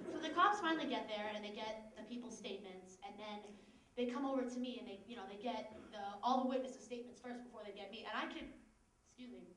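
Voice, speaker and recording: Young female stand-up comic, high, sarcastic and animated, distant roomy mic with a loud audience. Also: fast talker, over a noisy crowd, heavy background noise. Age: young adult. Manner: animated, sarcastic, laughs often. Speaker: stand-up comedian. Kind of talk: stand-up storytelling. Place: live comedy stage.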